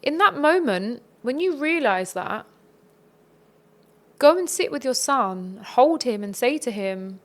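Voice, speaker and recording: A woman's voice: a little high, lively intonation, takes it slowly, fairly bright tone. A woman speaking as a podcast guest, giving earnest, reflective advice in a conversational tone.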